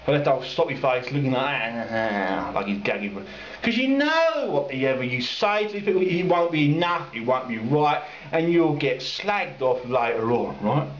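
A cyclist talks to the camera in an angry, rambling rant about drivers who ask him for directions, swearing and mocking them in put-on voices. His mid-range voice is animated and moves at a moderate pace. The lo-fi recording sounds roomy and dull, with faint ambience and slight background noise.

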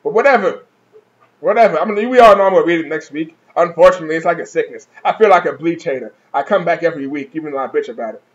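High-voiced man mocking, profane. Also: racing, lo-fi sound. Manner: profane, mocking, laughs often. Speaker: manga reviewer. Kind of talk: casual comic review.

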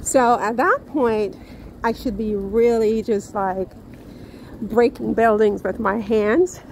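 Rambling woman vlogging outdoors, slow. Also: fairly high pitch, slight background noise, low-quality recording. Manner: rambling, animated, restarts and asides. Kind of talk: casual vlog talk to camera. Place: outdoors on town streets.

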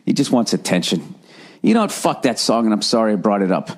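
A man's voice: on the low side, sing-song, quick pace. A middle-aged American man hosting a solo podcast, ranting in a profane, sarcastic way. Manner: profane, sarcastic ranting with mocking sung bits. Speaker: podcast host. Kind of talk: rambling solo podcast monologue.

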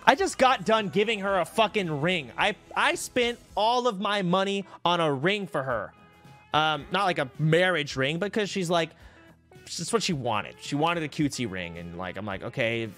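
A man's voice: fairly high pitch, animated, normal speed, a bit bright, faint music behind. A young man streaming from home, telling old stories in a casual, profane, sarcastic way into a desk mic. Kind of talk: casual storytelling to a live stream audience.

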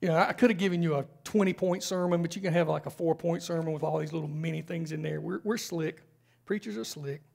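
A man's voice: fairly high pitch, steady tone, fast talker, creaky, a little mellow. A man preaching a sermon in a church, conversational, with frequent rhetorical questions. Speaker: pastor. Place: church sanctuary.

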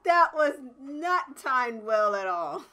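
A young woman, giving loud, excitable gameplay commentary, swearing often, shouting and laughing as she plays. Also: sits high, takes it slowly. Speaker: gaming streamer.

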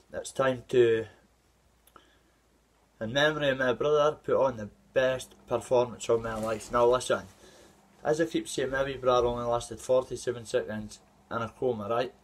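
A Scottish man in his thirties, an amateur fighter, delivering an aggressive, rambling trash-talk callout to a rival. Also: mid-range voice. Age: 30s. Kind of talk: trash-talking callout video.

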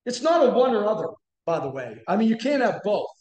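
A guest preacher delivers a sermon in a church sanctuary, his very high voice brisk and sing-song, punching key phrases out in loud, emphatic bursts that ring through the echoey room.

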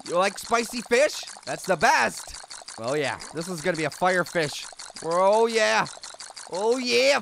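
Man doing a high, gravelly talking orange. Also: a bit bright, a little hiss or hum, exaggerated voice. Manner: goofy, teasing, giggly. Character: wisecracking talking orange fruit, male, goofy and mischievous. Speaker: game commentator. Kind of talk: let's play commentary.

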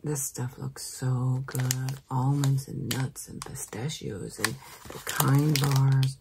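Low-voiced woman whispering ASMR. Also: steady tone, creaky, heavy background noise. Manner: soft, alternating whisper and quiet speech; slow, drawn-out words. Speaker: ASMR creator. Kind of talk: whispered ASMR mail opening.

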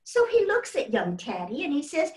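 A woman's voice: high-pitched, wildly swooping pitch, normal speed. A woman playing a genteel 1800s widow in a live one-woman historical reenactment, telling family stories in a fond, chatty way. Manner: fond, chatty storyteller with exclamations. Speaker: actress portraying a historical first lady. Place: stage before a live audience. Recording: roomy hall from a distant mic.

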